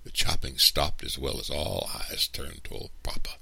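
A man reading a storybook aloud in a lively, animated way. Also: very deep voice, fairly quick, vocal fry, hardly any pauses, husky, no room sound. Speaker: storybook reader. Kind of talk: expressive read-aloud narration.

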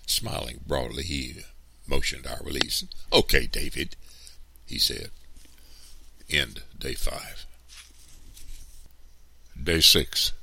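A man reading a storybook aloud in a lively, animated way. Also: very deep voice, slow pace, creaky, long pauses, background noise. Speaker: storybook reader. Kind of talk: expressive read-aloud narration.

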